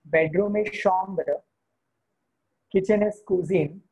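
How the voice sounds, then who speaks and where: Husky man teaching beginner vocabulary. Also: sits high, a little mellow, poor audio. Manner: slow, repeats each word, switches to Hindi to explain. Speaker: French teacher. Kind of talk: beginner language lesson.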